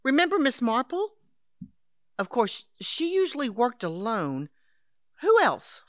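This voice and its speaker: Woman doing brisk scheming old lady in a radio play, lively pitch, dry sound. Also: no room sound. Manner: brisk, patronizing, calls others dear and darling. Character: scheming elderly woman, Henrietta, would-be crime writer. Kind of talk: audio drama acting.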